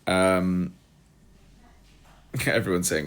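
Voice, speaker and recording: A man's voice: low-pitched, moderate pace. A man hosting a casual livestream from a room at home, chatty and scattered, joking at his own expense while he sorts things out. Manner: scattered, chatty, self-deprecating, talks while multitasking. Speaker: podcast host on a livestream.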